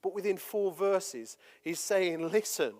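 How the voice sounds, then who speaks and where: High-voiced preacher in a reverberant hall. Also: male voice, moderate pace. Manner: swings from forceful declaiming of scripture to soft, chatty asides. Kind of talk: sermon. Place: church hall.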